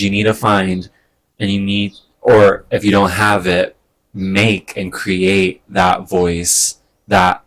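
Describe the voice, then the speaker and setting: A man talking in a casual personal vlog, hesitant and rambling, getting emotional with soft laughs. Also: low-pitched. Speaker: vlogger. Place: indoors at home during a move.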